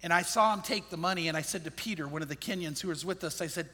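Earnest high-voiced pastor telling a story. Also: male voice, quick pace, hardly any pauses, big-room sound. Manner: earnest, reflective storyteller, voice drops low and soft at sad moments. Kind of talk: personal storytelling talk.

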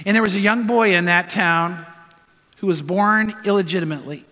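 A man preaching to a congregation, his voice high and bright. He tells stories and drives home his point with repeated earnest commands, and a long reverb trails every phrase through the hall. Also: normal speed. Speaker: pastor. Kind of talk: sermon.

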